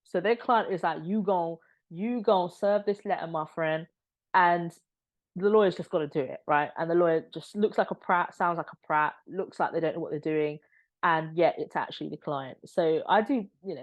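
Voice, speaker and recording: Sarcastic low-voiced woman vlogger. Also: brisk. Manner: sarcastic, exasperated, mocking. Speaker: commentary vlogger. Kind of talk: opinionated casual commentary.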